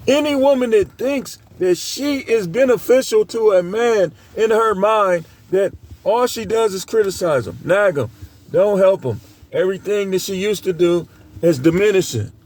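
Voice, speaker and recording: A man's voice: high-pitched, moderate pace, darkish tone. A middle-aged man giving blunt, scolding dating commentary, lecturing his viewers in a preachy way. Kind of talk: ranting commentary to camera.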